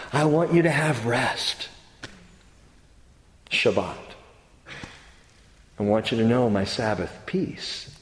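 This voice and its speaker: A man preaching a sermon as pastor, animated, moving from soft low scripture quotes to excited high asides. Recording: echoey hall with long reverb.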